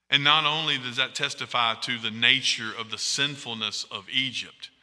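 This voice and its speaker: A man preaching a sermon, animated and often asking the congregation questions. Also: mid-range voice, big-room sound.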